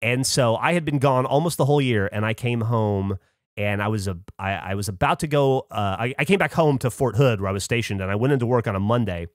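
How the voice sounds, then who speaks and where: A man's voice: medium pitch, brisk, dry recording, studio quality. A man in his late forties from Alabama, a podcast co-host telling a long story in a casual, profane, laid-back way.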